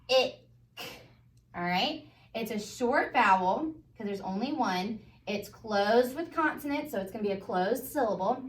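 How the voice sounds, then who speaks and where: A woman with a Southern US accent, teaching a phonics review to first graders in a patient, encouraging way, sounding words out slowly. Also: medium pitch. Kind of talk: phonics lesson for young children. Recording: echoey room, voice a bit far from mic.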